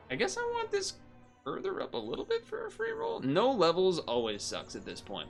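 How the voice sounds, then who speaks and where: A man's voice: mid-range voice, sing-song, moderate pace, a bit bright, faint music behind. A man streaming a game, chatting casually and rambling between moves, often laughing. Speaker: gaming streamer. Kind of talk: casual commentary while playing.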